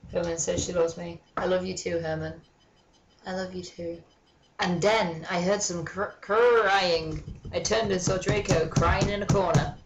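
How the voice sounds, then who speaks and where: A comedic reader, a woman with a lowish voice, gives a mock-dramatic reading of a fan story and breaks off for sardonic asides full of swearing. The audio is poor, with slight background noise.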